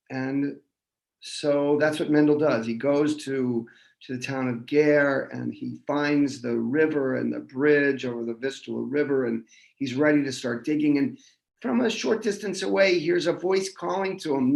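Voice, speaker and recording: A man telling a folk tale at a synagogue service in a relaxed, halting way, recorded in an echoey room. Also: medium pitch, gravelly. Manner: relaxed, halting, many restarts.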